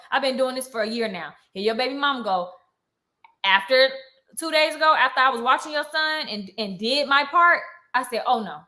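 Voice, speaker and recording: A young woman vlogger ranting heatedly on a live stream, indignant and fast-talking, with features. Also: a little high, bright, forceful tone.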